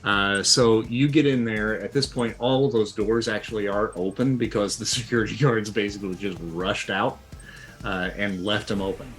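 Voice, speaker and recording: A deep-voiced man runs an online tabletop game as game master. He explains rules and the scene patiently, one step at a time, with plenty of "uh" and "um". Faint music plays under his voice. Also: fairly even intonation, moderate pace, fairly bright tone.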